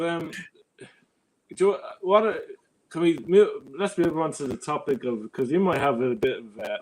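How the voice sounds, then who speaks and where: A man's voice: medium pitch, rough recording. Rambling man, faint hiss. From Ireland. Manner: rambling, reflective, many restarts. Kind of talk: casual podcast conversation.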